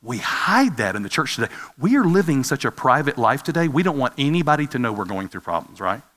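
Bright-voiced preacher in a reverberant hall. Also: male voice, medium pitch, sing-song, a little fast. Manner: conversational, asks the audience questions. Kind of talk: sermon with personal story.

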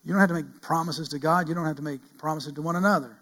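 Man, middle-aged pastor, sermon, earnest, loud then hushed, fairly high pitch. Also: fast talker. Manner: earnest preaching that swings from loud cries to hushed pleading.

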